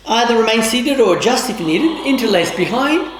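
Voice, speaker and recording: A woman yoga teacher giving calm, measured instructions with formal, old-fashioned phrasing during a guided class. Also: fairly high pitch, noisy background. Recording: roomy, echoey room.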